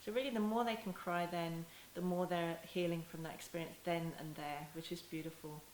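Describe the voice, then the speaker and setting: A woman with a lowish voice and steady tone teaches parenting in a talking-head video, taking her time and speaking gently. She often restarts interrupted sentences and slips into tender, soft phrases aimed as if at a child. Faint hiss and room echo accompany her voice.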